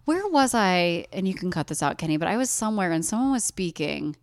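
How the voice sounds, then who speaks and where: A woman from Ohio co-hosting a podcast, animated in casual chat and story retelling. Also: fairly low pitch, fairly quick, no room sound, studio quality. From Ohio, USA. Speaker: podcast co-host.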